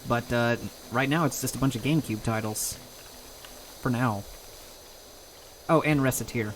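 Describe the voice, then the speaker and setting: Rambling male streamer, mid-pitched. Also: normal speed, a little hiss or hum, low-quality recording. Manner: rambling, self-mocking, laughs often. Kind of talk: casual chat while gaming.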